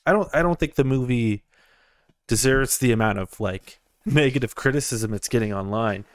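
A man's voice: medium pitch, moderate pace, no room sound, studio quality. A young man giving a casual review from inside his parked car, rambling, chuckling and repeating words as he goes. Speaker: movie reviewer.

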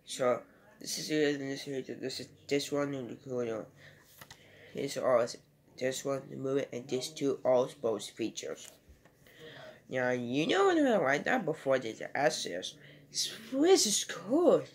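A man's voice: medium pitch, animated, moderate pace, vocal fry. A man giving a casual home video movie review and retelling scenes in a rambling, loosely strung way.

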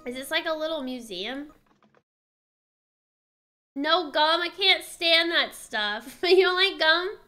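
A woman from Texas with a Texan accent chats casually while streaming a game. Her voice is high and bright, and she giggles often and stumbles over words as she reads on-screen text aloud. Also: lively intonation, takes it slowly, pauses often, soft background music.

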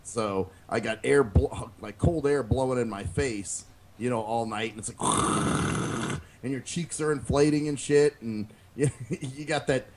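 A man's voice: mid-range voice, measured pace, a little hiss or hum. A man co-hosting a podcast in casual, profane chat, telling stories and acting out what people said. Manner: animated storyteller, acts out quotes, curses freely. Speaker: podcast co-host.

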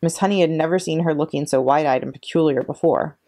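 A woman reading a children's chapter book aloud with expressive, dramatic delivery. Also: deep voice, fast talker. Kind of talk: children's story read-aloud.

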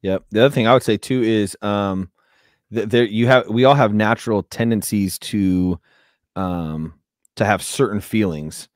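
A man co-hosting a podcast, chatting casually, often pausing on ums and restarting his sentences. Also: fairly low pitch, no echo, studio quality. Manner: searching for words, many ums and restarts. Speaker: podcast co-host.

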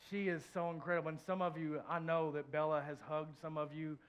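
A pastor preaching a heartfelt sermon in church, sharing a personal story, repeating phrases and swinging from soft to loud. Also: male voice, fairly high pitch, level tone, moderate pace, a little hiss or hum. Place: church, before a congregation.

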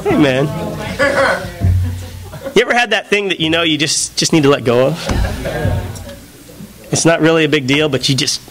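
A male preacher with a slightly high voice tells a story in a sermon, animatedly acting out both sides of a phone conversation with a friend. He talks at normal speed with frequent pauses, over music. The live church recording captures the congregation laughing behind him.

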